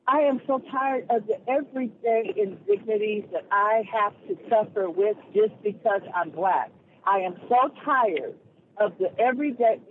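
A man calling in to a radio show, telling a story in an animated, indignant way. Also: sits high. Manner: animated, indignant, quick retorts. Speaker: radio call-in caller. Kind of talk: casual storytelling on a call-in show. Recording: tinny phone line with faint hiss.

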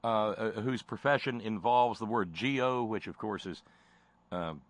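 A man's voice: fairly low pitch, a little slow. Sarcastic, impassioned male host. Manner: sarcastic, stammering restarts. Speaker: talk show host. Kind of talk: impassioned commentary.

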